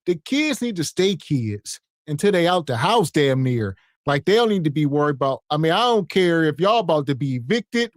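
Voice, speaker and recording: A man's voice: a little high, no echo. Man, podcast host, blunt mocking reactions, dry close sound. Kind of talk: reaction commentary.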